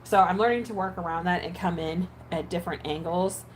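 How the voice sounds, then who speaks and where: A woman's voice: fairly low pitch, brisk, slight background noise, rough recording. A woman who makes ASMR videos chatting casually while editing, rambling with many fillers and restarts. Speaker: ASMR creator.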